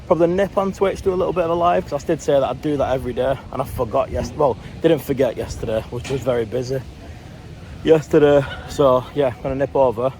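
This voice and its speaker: A male travel vlogger films himself on a handheld camera on city streets, chatting casually and swearing as he goes. His voice is mid-range, slightly mellow and steady, and he talks fast over noisy outdoor street audio.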